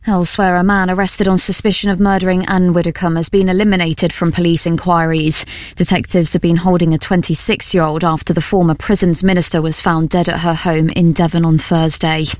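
A woman reads a scripted news bulletin in a measured, formal voice. Her voice sits a little low. The studio sound is dry and close. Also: little pitch movement, a little mellow, no room sound. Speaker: newsreader.

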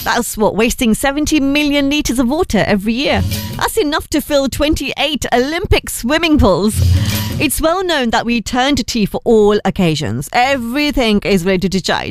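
A woman's voice: fairly high pitch, lively intonation, normal speed. Woman radio host, chatty breakfast presenter, studio mic, faint music bed. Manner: chatty, laughs easily, mixes in Hindi words. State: voice going a bit. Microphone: studio microphone.

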